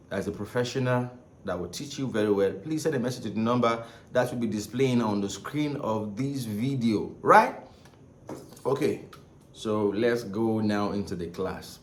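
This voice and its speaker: Rambling male saxophone teacher, echoey room. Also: fairly low pitch. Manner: rambling, repeats himself, frequent "right?" and "okay?". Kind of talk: casual spoken lesson. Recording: echoey room with faint ambient noise.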